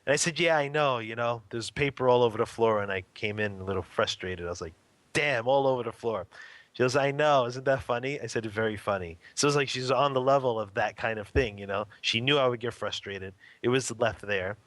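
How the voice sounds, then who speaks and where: In his thirties, this interview guest tells a family story casually and with energy, laughing a lot and acting out the quotes. His voice is mid-range and fairly quick, with few pauses. There's no room sound at all.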